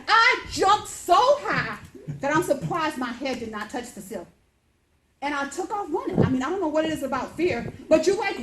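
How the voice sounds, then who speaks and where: A woman in her fifties telling a personal story as a speech, lively and acting out the voices. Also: reverberant, a little hiss or hum, poor audio. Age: 50s. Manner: animated, acts out voices with big pitch jumps.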